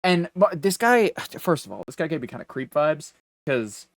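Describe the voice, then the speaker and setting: A man co-hosting a podcast, recounting a shop visit with animated put-on voices for each person. His voice sits a little high for a man and comes through close and dry, with no room sound. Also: normal speed, no echo. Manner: animated storyteller acting out dialogue. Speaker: podcast co-host. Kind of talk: casual chat.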